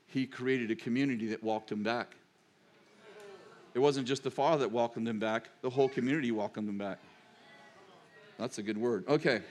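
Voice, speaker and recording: An older man, a pastor and grandfather, preaching a sermon in a chatty, digressive storytelling manner. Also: medium pitch.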